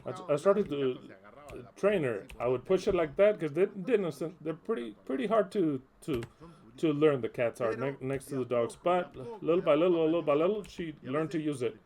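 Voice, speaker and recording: A man preaching in an informal way, telling a story in an animated, candid style with coarse words and frequent restarts. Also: on the high side, normal speed.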